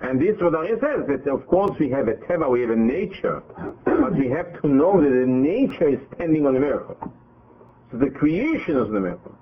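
A man giving a religious lesson, halting and repeating words as he acts out dialogue. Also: on the high side, sing-song. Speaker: rabbi teaching a class. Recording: husky voice over a phone-like line.

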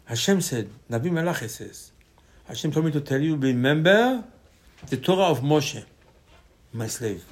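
A man's voice: fairly high pitch, lively intonation, moderate pace, pauses often. A man, a rabbi, preaching a Torah sermon with passion, repeating phrases and acting out quoted dialogue. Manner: impassioned, repetitive, acts out quoted dialogue.

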